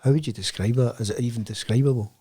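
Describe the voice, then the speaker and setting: A Scottish man hosts the podcast interview, talking in a halting, supportive way and padding his thoughts with fillers. His voice has a husky edge and an ordinary pitch. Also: dark tone. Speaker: podcast host.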